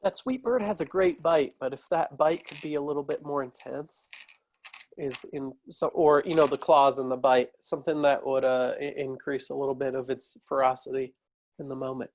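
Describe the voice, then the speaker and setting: A man's voice: medium pitch, steady tone, moderate pace, slight background noise. A man playing in a tabletop game, rambling and searching for words in casual chat. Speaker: player.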